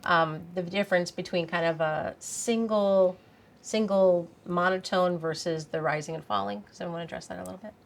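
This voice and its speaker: A woman's voice: lowish voice, steady tone, fairly quick, creaky. A woman who teaches, moderating a panel and asking the other speakers questions. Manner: guides the talk with questions. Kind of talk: panel discussion.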